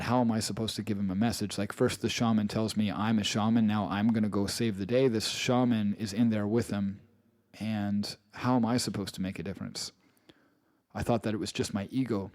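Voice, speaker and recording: Earnest English male narrator, low-pitched, dry close mic, personal memoir read. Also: a little mellow, dry recording. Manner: earnest, with restarts and repeated phrases. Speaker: author narrating his own audiobook.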